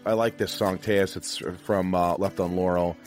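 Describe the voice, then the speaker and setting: A man's voice: low voice, fairly even intonation, moderate pace, faint music behind. A man hosting a podcast, talking frankly and emotionally in a rambling, profane way. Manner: rambling with many restarts and fillers. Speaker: podcast host. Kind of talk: casual candid chat.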